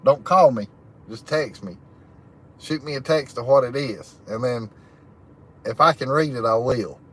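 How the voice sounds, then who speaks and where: A man's voice: medium pitch, measured pace, a bit bright, slightly rough. A man who hosts a livestream, reading out chat and laughing often in a folksy, drawling way. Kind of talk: casual live chat. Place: camping, in a chicken hut.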